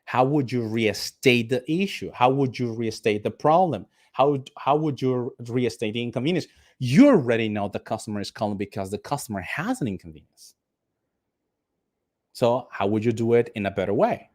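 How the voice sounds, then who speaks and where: A man's voice: mid-range voice, animated, normal speed, a little mellow. Nicaraguan man teaching English class. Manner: emphatic, repeats questions to the class, acts out angry customer. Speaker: English teacher for call center staff. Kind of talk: online class lecture.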